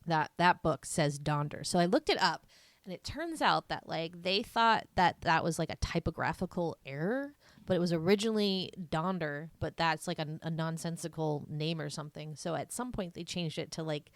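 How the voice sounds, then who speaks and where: A woman's voice: low-pitched, moderate pace, no room sound, clean studio sound. A woman co-hosting a podcast, explaining things in casual chat with lots of fillers. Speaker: podcast co-host.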